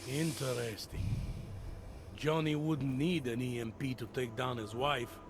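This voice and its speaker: An actor playing a world-weary middle-aged police detective in a video game, dry and matter-of-fact. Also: male voice, mid-range voice, fairly even intonation, unhurried, a little hiss or hum, natural voice. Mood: stern.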